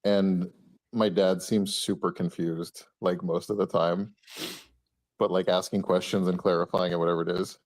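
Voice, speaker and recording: A man's voice: low-pitched, level tone, normal speed, a little mellow, no echo. A man from Canada, co-hosting a casual podcast and telling anecdotes in a chatty way, full of "like" and laughs. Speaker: co-host.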